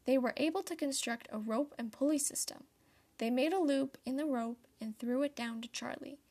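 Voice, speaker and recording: A teenage girl reads a story aloud in a soft, steady voice. It sits a little high with noticeable vocal fry. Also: normal speed. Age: late teens. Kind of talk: storybook narration.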